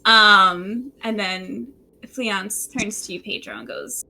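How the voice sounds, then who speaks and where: A woman narrating a tabletop game as game master, telling the scene in a relaxed way with frequent fillers, recorded at home. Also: medium pitch, takes it slowly, gravelly. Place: room at home by a window.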